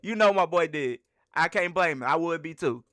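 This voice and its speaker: A man's voice: on the high side, lively intonation, normal speed, a bit bright, no echo, clean studio sound. A man hosting a livestream, reacting animatedly and repeating bro and fam. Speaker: livestream host.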